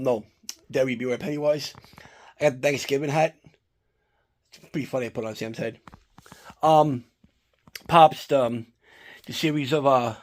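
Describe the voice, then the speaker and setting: A man from New Jersey telling a long, rambling story about his holiday routine, swearing often and getting worked up. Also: medium pitch. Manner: rambling, profane, animated when annoyed. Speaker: collector vlogger. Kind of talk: casual chat, storytelling.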